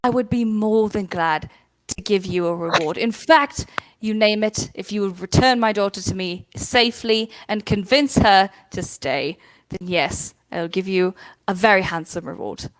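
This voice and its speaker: A woman's voice: mid-range voice, moderate pace, lightly acted, rough recording. Woman putting on a posh worried queen, formal and polite, flustered at times. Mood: courtly. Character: gracious queen, mother of a missing princess.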